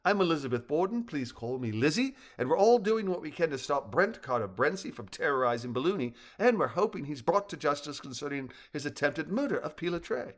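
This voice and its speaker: A man voicing a bright, friendly wife from Australia in a storybook reading. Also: on the high side, big pitch swings, a little fast, hardly any pauses.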